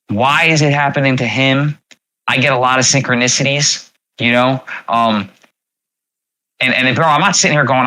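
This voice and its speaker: A man's voice: mid-range voice, pushed and bright, low-quality recording. A man hosting a casual livestream, rambling with many fillers and repeats. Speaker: livestream host.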